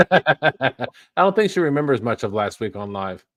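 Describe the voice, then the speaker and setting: A man's voice: medium pitch, big pitch swings, moderate pace, a bit bright, no room sound, soft background music. Guy reading comments on a fishing stream, medium voice, laid back. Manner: easygoing, laughs between comments. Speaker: livestream co-host reading chat. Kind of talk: reading viewer comments aloud.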